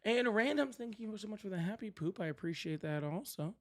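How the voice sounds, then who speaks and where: Brisk and expressive, his high-sitting voice carries a political livestream he hosts while seated at home. He wanders through casual talk with sardonic jabs and plenty of profanity.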